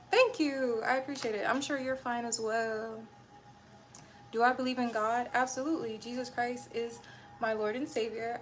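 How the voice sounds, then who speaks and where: A young woman livestreaming and chatting casually with her viewers, blunt and irritable and rambling from one thought to the next. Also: a little high.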